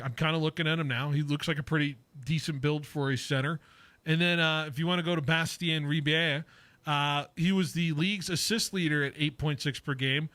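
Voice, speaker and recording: A man's voice: fairly high pitch, fairly bright tone, no echo. A man hosting a sports talk radio show from a studio, rambling with many fillers and joking around with his co-host. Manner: rambling, lots of fillers and self-corrections; playful, jokes with co-host.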